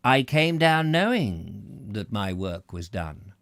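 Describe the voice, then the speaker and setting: A man voicing a pompous, self-satisfied male spirit medium who hesitates and stammers, then speaks slowly and grandly. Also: lowish voice, very animated, gravelly, fairly bright tone, no room sound, exaggerated voice. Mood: grandiose.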